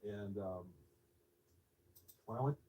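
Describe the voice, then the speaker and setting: A man in his fifties telling a personal story in an interview, soft, reflective and a little hesitant. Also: on the low side, takes it slowly, far from the mic, low-quality recording.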